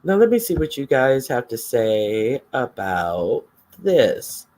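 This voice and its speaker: A man's voice: medium pitch, sing-song, takes it slowly, a little mellow. A man giving casual, gossipy livestream commentary and chatting with his viewers.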